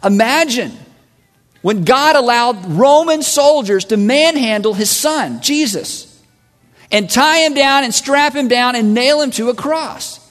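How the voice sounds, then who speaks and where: A man preaching a sermon as a pastor, animated and acting out voices of listeners and God. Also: very high-pitched, a little slow, faint music behind. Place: large church hall. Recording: long hall reverb.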